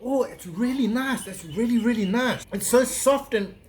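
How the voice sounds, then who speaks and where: A woman's voice: a little high, normal speed, a little mellow, a little hiss or hum. A woman co-hosting a cooking vlog, chatting casually and gushing with exclamations as she tastes each dish. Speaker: vlog co-host tasting the food. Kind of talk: casual food-tasting chat.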